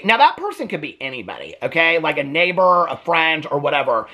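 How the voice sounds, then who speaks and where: Sassy animated man ranting. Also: fairly high pitch, brisk, hardly any pauses, breathy edge. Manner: sassy, emphatic, keeps saying "okay?". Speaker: TV reaction vlogger. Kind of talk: casual ranting commentary.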